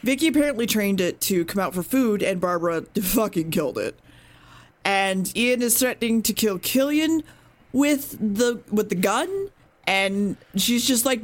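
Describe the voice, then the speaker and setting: A woman's voice: medium pitch, animated, unhurried. A woman co-hosting a podcast, recapping an episode in a rambling, swearing, self-correcting way. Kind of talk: casual podcast chat.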